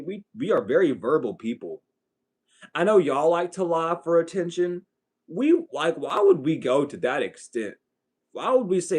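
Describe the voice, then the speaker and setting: Brief: man psychic reader, fairly high-pitched, blunt, cursing rant to camera. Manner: profane, blunt, ranting. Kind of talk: ranting spiritual reading to viewers.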